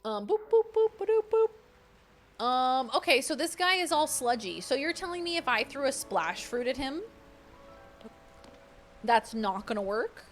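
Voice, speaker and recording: A woman's voice: high voice, animated, moderate pace, a bit bright, faint music behind. A young woman streamer chatting casually and playfully with her viewers while playing a game. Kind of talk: casual livestream gaming chat.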